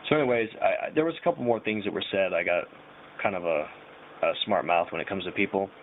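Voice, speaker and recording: Young guy, lowish voice, loose slang-heavy storyteller, tinny lo-fi audio. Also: quick pace. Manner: rambling, loose slang and frequent fillers. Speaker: vlogger. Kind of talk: casual storytelling. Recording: tinny phone-like audio with faint hiss.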